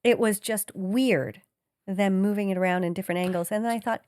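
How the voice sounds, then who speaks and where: A woman's voice: mid-range voice, brisk, no echo. A woman in her forties co-hosting a podcast, telling a personal story in casual chat and acting out the voices of others. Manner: animated storytelling, acts out quoted voices. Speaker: podcast co-host.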